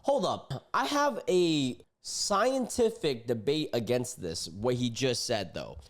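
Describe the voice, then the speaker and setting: A man's voice: mid-range voice, very animated, slow. A young man streaming, reacting to online posts in casual, slangy commentary, often indignant.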